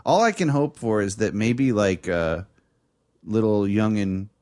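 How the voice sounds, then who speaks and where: A man's voice: lowish voice, expressive, measured pace, a little mellow. A man chatting casually on a podcast, rambling with lots of fillers and frequent laughs. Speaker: podcast co-host. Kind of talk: casual chat.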